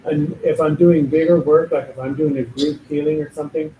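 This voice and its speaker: A man's voice: fairly high pitch, steady tone, a little fast, dark tone. A man working as a spiritual medium, talking casually in an emphatic, blunt and joking way. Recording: echoey room, distant mic, faint noise.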